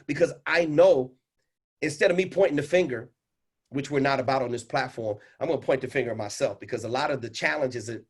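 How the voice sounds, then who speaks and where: A man coaching a caller on a livestream. He is animated and instructive and swings between loud and hushed delivery. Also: mid-range voice, husky. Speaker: speaking coach and host.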